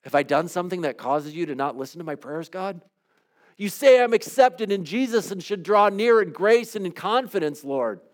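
A man leading a devotional, praying aloud in an earnest, pleading way with soft, hushed trailing endings, then teaching calmly. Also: sits high, normal speed. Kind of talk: reflective spoken prayer and teaching.

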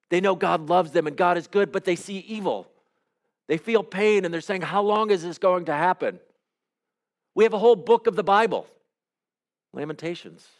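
A man preaching a sermon as pastor, in measured, emphatic phrases. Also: fairly high pitch.

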